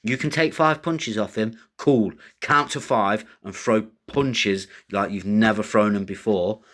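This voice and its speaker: A man's voice: fairly low pitch, measured pace, a bit bright. A man giving blunt, rambling fight picks and betting tips in casual, coarse commentary. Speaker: MMA betting tipster host.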